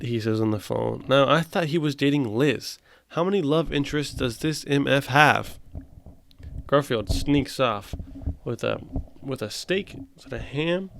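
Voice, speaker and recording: A man's voice: mid-range voice, unhurried, creaky, fairly bright tone. A man hosting a comedy show, reading comic strips aloud and ranting at them in mock outrage. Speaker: host.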